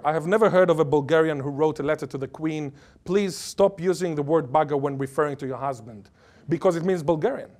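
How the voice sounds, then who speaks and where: A man giving an academic lecture as a linguist, emphatic and playful, fond of wordplay and of putting questions to the audience. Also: fairly high pitch. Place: lecture or workshop before an audience.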